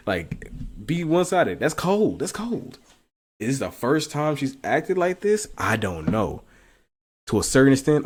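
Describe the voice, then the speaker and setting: A young man giving loose, slangy commentary, breaking into laughs and loud outbursts as he reacts. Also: medium pitch, sing-song, normal speed. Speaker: co-host reacting to news. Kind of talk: casual commentary chat.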